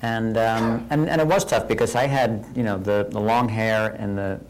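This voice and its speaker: Relaxed low-voiced actor recalling a shoot. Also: male voice, moderate pace, slight background noise, low-quality recording. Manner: relaxed, hesitant, many fillers. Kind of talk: interview recollection.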